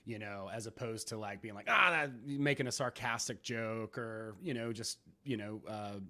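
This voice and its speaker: A man's voice: lowish voice, moderate pace, bright, forceful tone. Man, podcast chat, reflective, rambling, casual swearing.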